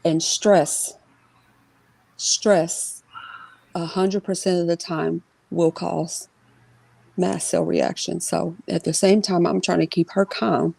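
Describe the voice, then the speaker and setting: A woman giving an interview, telling a personal story in a quick, conversational way with many fillers and restarts and imitating the people in it. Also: fairly low pitch, steady tone, gravelly, a little mellow, breathy edge, no echo. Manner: voices others in her retelling. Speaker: interview guest. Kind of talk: emotional personal account in an interview.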